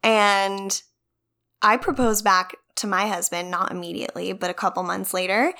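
Woman, podcast co-host, animated casual talker who acts out what others said and swears casually. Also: medium pitch, moderate pace, gravelly. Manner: chatty, animated storytelling with lots of quoting and casual swearing. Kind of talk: casual chat recapping a reality show.

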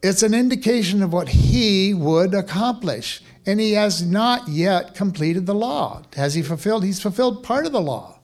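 A man pastor preaching a sermon in a conversational, animated way, with casual asides and questions to the congregation. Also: high-pitched, normal speed, few pauses.

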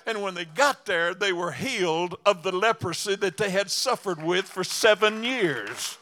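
A man preaching a storytelling sermon, halting and repeating words, breaking into fervent exclamations. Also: sits high, animated, bright, forceful tone, a faint crowd.

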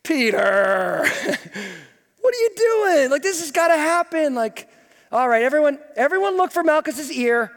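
A man's voice: very high-pitched, big pitch swings, measured pace, a bit bright, in a large hall, voice pushed up, heavily acted. A man playing a patient but exasperated male teacher who talks in casual modern slang. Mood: flustered.

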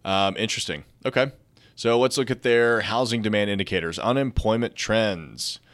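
A man's voice: lowish voice, moderate pace, fairly bright tone. A young man hosting a casual real estate news show, reading articles aloud and breaking in with chatty asides. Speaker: podcast host. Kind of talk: casual market news commentary.

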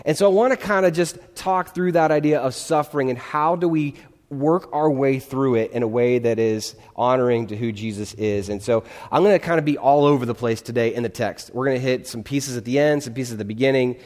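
A man's voice: medium pitch, a little fast, a little mellow. A male pastor giving a conversational sermon in a church, often checking in with his listeners. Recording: long hall reverb.

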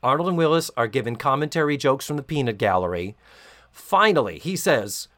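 Lively, profane podcast co-host man. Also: medium pitch, a little fast. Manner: animated, profane, laughing storyteller. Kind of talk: casual recap chat.

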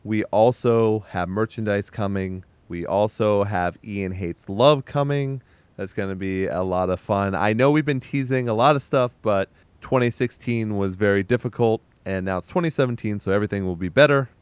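A man's voice: fairly low pitch, moderate pace, clean tone, no echo. A man hosting a casual podcast, joking around and laughing often with his co-hosts. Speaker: podcast host. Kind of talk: casual chat.

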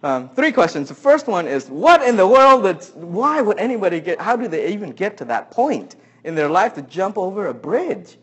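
A man's voice: high voice, sing-song, moderate pace, hardly any pauses, husky. A pastor telling a story from his own life during a sermon, acting out what people said and laughing along the way.

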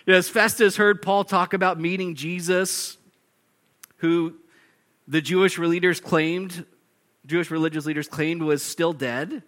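Animated, laughing preacher man with bright voice. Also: a little high, slow pace, long pauses. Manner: animated, acts out shouting characters, laughs often. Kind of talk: expository sermon.

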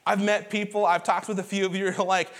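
A male pastor preaching a sermon to his congregation in a church, in a conversational way, telling stories with lively emphasis and repeated words. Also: sits high, fast talker. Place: church auditorium before a congregation.

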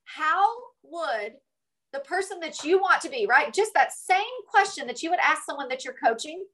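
A woman with a high, bright voice delivers a motivational coaching talk. She is emphatic, presses each point home, and keeps asking her listeners "right?". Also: expressive, moderate pace, poor audio. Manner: emphatic, peppered with "right?" tags. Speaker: business coach.

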